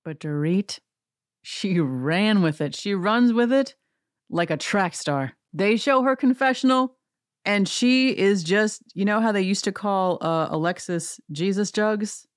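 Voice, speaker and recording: A woman's voice: medium pitch, measured pace, no echo, studio quality. Sarcastic woman ranting about reality TV. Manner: sarcastic, animated rant. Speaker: podcast host. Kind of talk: opinionated reality TV recap.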